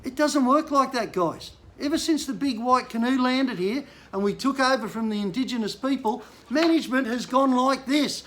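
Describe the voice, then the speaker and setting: Very high-pitched and a bit bright, this older Australian man from Queensland talks at normal speed with hardly any pauses. A bush mechanic, he vents bluntly on camera about politics, his frustration building to angry outbursts.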